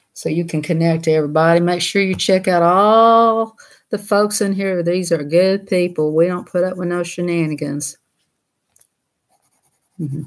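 Folksy woman chatting on a livestream. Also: on the low side. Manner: folksy, chatty, laughs easily. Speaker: livestream host. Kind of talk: casual livestream chat.

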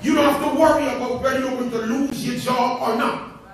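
High-voiced preaching man in an echoey hall. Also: fairly even intonation, a little fast, far from the mic. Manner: impassioned preaching, shouting at peaks then dropping to low asides. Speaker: pastor. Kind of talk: Pentecostal sermon. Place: large church sanctuary. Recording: echoey church hall, heard from afar, with noise.

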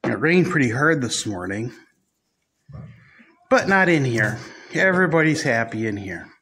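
A man running a goat-farm vlog, talking softly and fondly to his goats in a barn, often dropping to a hush. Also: mid-range voice, very animated, a little slow. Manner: soft, cooing talk to the goats, often hushed. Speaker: goat farmer vlogger. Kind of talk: casual vlog chat. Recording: noisy barn recording.

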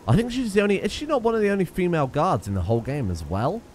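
A man's voice: high voice, lively intonation, rapid-fire, a little mellow, slight background noise. A man giving casual, sweary, joking commentary while playing a video game. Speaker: let's play gamer.

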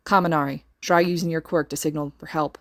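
A woman's voice: sits low, fairly even intonation, a little fast, close to an everyday voice. A woman voicing a stern male teacher giving curt, commanding orders in a podfic reading.

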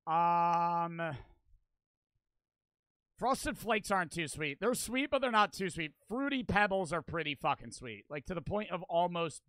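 A man's voice: high-pitched, expressive, a little slow, fairly bright tone, no echo. A young man streaming, reacting in loose, profane, rambling casual commentary.

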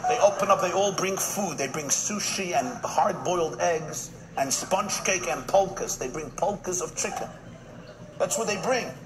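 A man, a rabbi, giving a humorous live speech with punchy jokes, quick asides and repeated punchlines. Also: high-pitched. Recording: noisy live event recording.

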